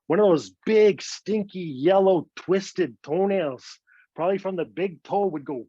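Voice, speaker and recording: A man's voice: sits high, dry recording. Playful storyteller man. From Northwest Territories, Canada. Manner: lively, playful, repeats words for effect, ends lines with "eh". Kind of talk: told folk story, casual and humorous. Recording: dull, dry lo-fi online recording.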